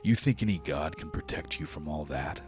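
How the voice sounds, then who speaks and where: A man voicing a cruel male hobgoblin prisoner, talking slowly and tauntingly. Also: a bass voice, expressive, over music. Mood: menacing. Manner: slow, taunting, drawling.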